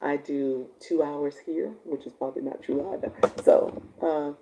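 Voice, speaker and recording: A woman live-stream coach with a raspy voice, chatting casually with viewers and reading their comments. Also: deep voice, fairly even intonation, normal speed, low-quality recording. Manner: chatty, warm-toned, laughs often, answers viewers by name.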